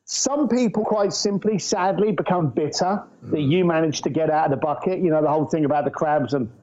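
A middle-aged man from England, a guest entrepreneur telling anecdotes in an animated, storytelling way. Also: fairly high pitch, brisk. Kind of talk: casual storytelling interview. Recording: muffled lo-fi audio.

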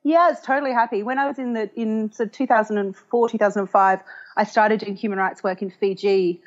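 A woman's voice: medium pitch, steady tone, fairly quick. Thoughtful woman from Australia, muffled. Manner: thoughtful, hesitant with fillers. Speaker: guest, human rights lawyer. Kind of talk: interview answers.

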